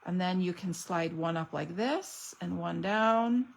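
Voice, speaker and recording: A woman's voice: on the low side, unhurried, gravelly, poor audio. A woman showing off craft products in a casual unboxing video, gushing and chatty. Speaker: stamping demonstrator.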